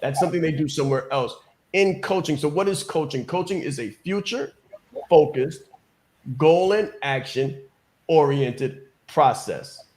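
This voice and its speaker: A man's voice: on the high side, expressive, unhurried, darkish tone. A man giving an emphatic motivational business coaching talk on a call, repeating key phrases and often asking "right?".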